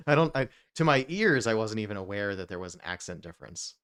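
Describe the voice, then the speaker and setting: A man from New Jersey chats casually as co-host of a whiskey show, his voice sitting low. He rambles and wanders into asides, trailing off and circling back as he goes. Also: fast, few pauses, fairly bright tone. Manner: rambling, with many fillers and asides. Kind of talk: casual chat.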